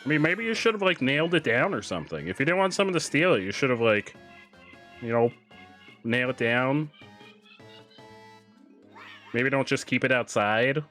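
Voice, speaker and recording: A streamer plays a video game and comments casually in a mid-range voice at normal speed, pausing often. He is animated and jokey and reads the on-screen text aloud, while faint game music plays in the background.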